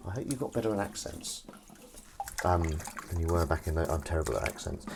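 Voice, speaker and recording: A man's voice: low voice, animated, brisk, vocal fry, a little hiss or hum. A man chatting casually on a live stream while washing up, rambling and teasing the people watching. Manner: rambling, chatty, teasing, talks to chat while doing chores. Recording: running water and dish clatter behind.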